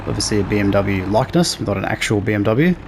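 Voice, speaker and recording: A man hosting a casual let's play, relaxed and talking through each task as he plays. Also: on the low side, quick pace, a little hiss or hum. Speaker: gaming channel host.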